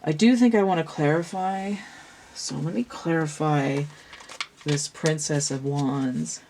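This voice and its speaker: Low-voiced woman musing over tarot. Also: measured pace, noisy background. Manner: thinks aloud, meandering with restarts. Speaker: tarot reader. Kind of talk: casual tarot reading talk.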